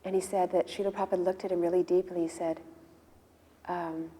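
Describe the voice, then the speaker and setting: Woman, low register, warm tone; casual storyteller who voices the quotes in her story. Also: flat delivery, fairly quick, big-room sound. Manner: storytelling, acts out quoted dialogue. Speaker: disciple sharing memories. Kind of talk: casual spoken reminiscence.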